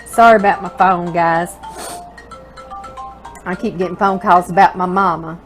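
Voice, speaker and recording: A woman's voice: fairly low pitch, steady tone, a little slow, faint music behind, poor audio. A woman with a Louisiana Southern accent, hosting a home cooking show from her kitchen and reading viewer mail aloud in a tender, emotional way. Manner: tender, emotional, laughs often, calls listeners girl.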